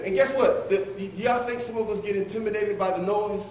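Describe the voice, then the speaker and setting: High-voiced middle-aged preacher, echoey church. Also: male voice, steady tone, a little fast, a little mellow, far from the mic, slight background noise. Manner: playful, teasing, calls on listeners by name. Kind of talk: conversational sermon. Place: church sanctuary.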